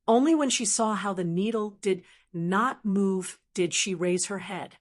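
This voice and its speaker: A woman reading fantasy audiobook narration in a steady, even manner. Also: mid-range voice, a little slow.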